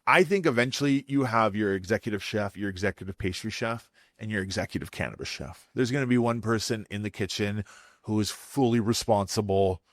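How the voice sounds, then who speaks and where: Man, low voice, dry close sound, energetic podcast storyteller. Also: no echo. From Vancouver, Canada. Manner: animated, fast storyteller who swears freely. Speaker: guest chef.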